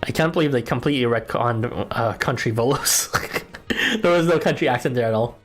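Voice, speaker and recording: A man's voice: mid-range voice, a little fast, soft background music. A man casually commenting on a game he plays, joking and rambling in asides. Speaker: game streamer. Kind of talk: casual playthrough commentary and reading game lines aloud.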